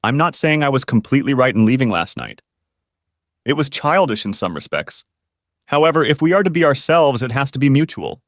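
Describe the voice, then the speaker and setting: A man's voice: mid-range voice, sing-song, brisk, dry recording, clean studio sound. A man narrating a first-person relationship story, speaking in an earnest, confrontational storytelling manner.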